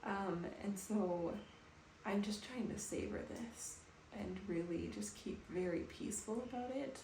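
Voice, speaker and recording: A woman in her thirties talking softly and calmly to camera in a personal home vlog. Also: medium pitch, a little slow, vocal fry. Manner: soft, calm, reflective. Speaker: vlogger. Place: bathroom at home, indoors. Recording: echoey room with faint background noise.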